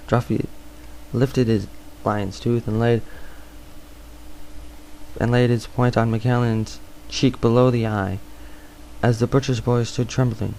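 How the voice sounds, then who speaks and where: A man's voice: mid-range voice, little pitch movement, takes it slowly, gravelly, long pauses, warm tone, slight background noise, poor audio. Stumbling man reading aloud. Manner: stumbling, restarts words. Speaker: narrator. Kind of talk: amateur audiobook reading.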